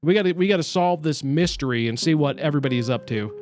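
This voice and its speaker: A man's voice: a little high, quick pace. A young man streaming a story game, chatting casually and reacting with exclamations. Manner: animated and chatty, with exclamations and self-talk. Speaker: streamer playing a narrative game. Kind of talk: casual let's-play commentary, reading and voicing game characters.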